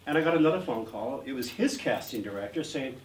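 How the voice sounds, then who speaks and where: At an art gallery event, an actor in his sixties tells rambling stories in an interview, filling them with lots of "uh." He speaks fast and animatedly in a mid-range voice, recorded on a distant mic with a roomy sound and faint noise.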